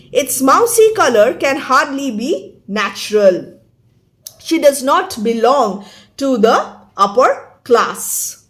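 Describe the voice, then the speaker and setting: A woman English teacher, explaining a play line by line in a slow, careful manner. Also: sits high. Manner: slow explanatory, stressing key words. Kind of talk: line-by-line literature lesson.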